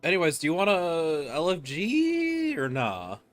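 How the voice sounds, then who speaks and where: A man's voice: a little high, big pitch swings, unhurried, soft background music. A man chatting casually while guiding a friend through a co-op game, patiently explaining mechanics step by step. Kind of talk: casual gameplay chat.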